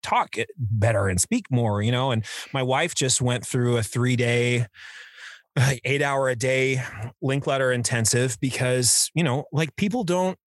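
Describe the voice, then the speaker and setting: A man's voice: mid-range voice, measured pace, no room sound, studio quality. A man and voice actor in casual chat, rambling with many fillers. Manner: rambling, filler-heavy storytelling. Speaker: podcast co-host and voice actor.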